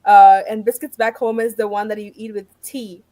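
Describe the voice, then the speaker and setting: A woman's voice: mid-range voice, flat delivery, moderate pace, mellow, dry recording. A woman talking casually on a panel, explaining how words differ between places. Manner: explanatory, compares word meanings. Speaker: international student guest.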